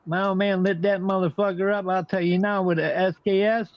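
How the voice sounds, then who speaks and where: Older man, high-pitched, brash and profane, dull lo-fi recording. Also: steady tone, fairly quick, no echo. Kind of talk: casual chat.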